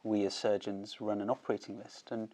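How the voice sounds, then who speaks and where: A male doctor hosting a conversation in a slightly low voice. He asks his questions in a measured, courteous way and keeps the talk moving with short nods of agreement. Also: flat delivery, dark tone. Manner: measured, polite, frequent brief affirmations. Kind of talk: interview questions.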